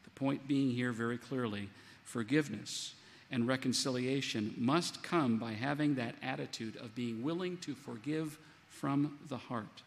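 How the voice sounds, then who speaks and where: A man preaching a sermon in a lively, animated way, acting out the lines he quotes. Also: mid-range voice. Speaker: pastor. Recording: long hall reverb.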